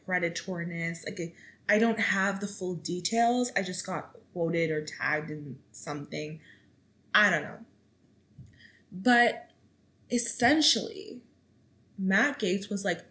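A young woman from Canada hosting a solo podcast, telling a story in casual chat with dramatic flair and sudden jumps in pitch. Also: poor audio. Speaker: podcast host.

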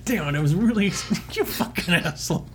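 A man's voice: sits high, moderate pace, slight background noise. A man co-hosting a podcast, casually retelling a comic with crude jokes and frequent swearing. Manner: animated storytelling, swears often, laughs. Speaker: podcast co-host.

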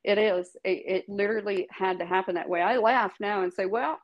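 The interview guest, a middle-aged woman and tattoo artist, describes her own experiences briskly in a steady, mid-range voice, with the highs cut off. Forceful in delivery, she laughs frequently and curses freely.

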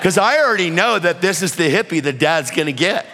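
A man preaching a storytelling sermon, animated and breaking into shouts when he exhorts. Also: high voice, fairly quick, some chatter behind. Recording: reverberant hall.

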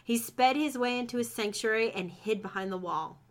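A woman's voice: on the high side, moderate pace. A woman reading fan fiction aloud with friends, breaking off to joke and laugh. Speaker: reader.

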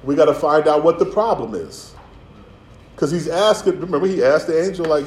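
A man's voice: on the high side, moderate pace, a little mellow, roomy sound, slight background noise, rough recording. A man preaching a sermon as pastor, streetwise and playful, with asides and acted-out voices. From Philadelphia.

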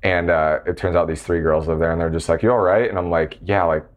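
Deep-voiced guy, rambling. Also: completely flat delivery, fast talker. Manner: rambling, heavy use of filler "like". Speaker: guest. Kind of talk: casual chat.

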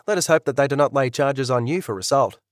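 A man's voice: medium pitch, quick pace, no echo, clean studio sound, close to an everyday voice. Man doing a formal senior police constable. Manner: formal, level. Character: middle-aged male senior police constable.

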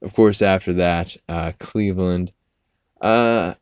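A man's voice: low-pitched, fairly even intonation, takes it slowly, a little mellow, clear, resonant tone, dry recording, clean studio sound. A man hosting a podcast, casually recapping an episode with lots of fillers and swearing. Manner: rambling, swears a lot, many fillers. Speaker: podcast host.

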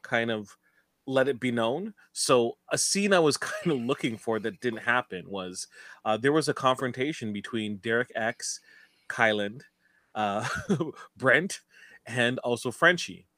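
A man's voice: mid-range voice, animated, unhurried, pushed and bright, no echo. Guy chatting on a podcast, lots of ums and laughs, dry mic. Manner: chatty, laughs often, many fillers. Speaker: podcast co-host. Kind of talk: casual chat about a reality show.

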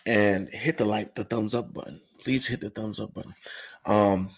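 Gravelly-voiced man ranting casually. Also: lowish voice, normal speed. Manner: rambling, animated, frequent "you know" asides. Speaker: commentary vlogger.

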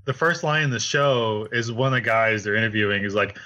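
Bright-voiced man chatting loosely. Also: fairly low pitch, brisk. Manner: loose, laughing, swears freely. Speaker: podcast co-host. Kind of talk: casual chat.

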